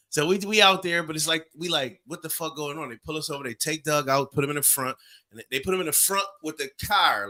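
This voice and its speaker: A man in his forties tells a long story on a podcast, acting out the voices and sound effects as he goes. His voice is bright and forceful, and it sits a little high for a man. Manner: animated, acts out voices and sounds. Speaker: podcast co-host. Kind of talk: casual storytelling.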